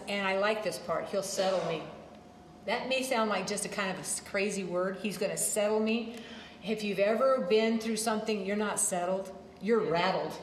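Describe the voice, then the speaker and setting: A woman's voice: mid-range voice, echoey room, slight background noise, low-quality recording. A woman preaching a sermon, emphatic, repeating her phrases and drifting into side stories.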